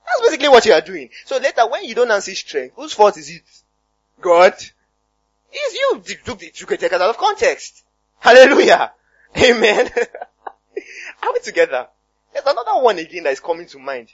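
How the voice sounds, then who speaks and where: Brief: male Nigerian pastor, high, animated and cracking voice, lo-fi sermon recording. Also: a little fast, slightly rough, no room sound. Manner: animated, conversational preaching, punctuated by hallelujahs.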